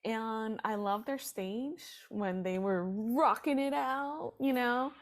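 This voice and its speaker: A woman's voice: fairly high pitch, takes it slowly. A woman co-hosting a music video reaction, chatting casually and rambling with lots of fillers. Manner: rambling, many "like" and "you know" fillers.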